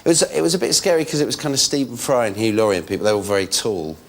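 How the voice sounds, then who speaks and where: Racing along with big swings in pitch, this late-thirties male comic is a chat-show guest who keeps joking and breaking into squeaky character voices. The recording comes from a TV studio with a live audience.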